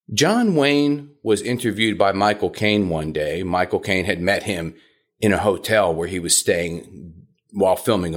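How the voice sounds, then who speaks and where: A man hosting a podcast as a puppy trainer, talking in an instructive monologue and sometimes mimicking shrill dog owners. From South Florida.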